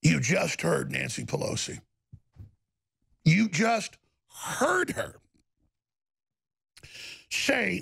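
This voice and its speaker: A man's voice: on the high side, big pitch swings, very slow, creaky, long pauses, fairly bright tone, husky. A man hosting heated political commentary, ranting sarcastically. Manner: ranting, sarcastic, jumps between mock voices.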